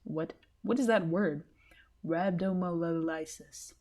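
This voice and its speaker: Brief: excitable woman podcast host, lively up-and-down voice, laughs through her sentences. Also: medium pitch, measured pace. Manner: rambling, giggly, excitable. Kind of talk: casual solo podcast chat.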